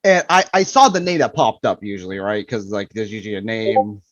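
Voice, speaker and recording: A man's voice: fairly low pitch, a little fast, muffled recording, faint music behind. A man playing a tabletop game, casually describing what his character does. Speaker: player.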